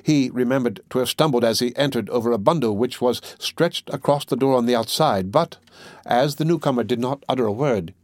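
A man reads a classic novel aloud in a measured, even way. His voice sits at a middle pitch. The recording is close and dry, with no room around it. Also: no room sound. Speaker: audiobook reader. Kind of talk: scripted narration of a classic novel.

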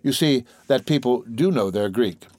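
A man reading an old novel aloud, voicing a spoiled young male scholar who talks in a coaxing, mock-innocent way, slightly higher than his narration. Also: lively intonation, moderate pace, dark tone, no echo, studio quality, close to an everyday voice.

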